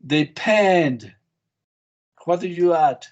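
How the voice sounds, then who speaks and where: A man's voice: on the high side, expressive, measured pace, muffled recording. A man teaching an English class, quizzing students on spelling with short, patient prompts. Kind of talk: online class drilling spelling.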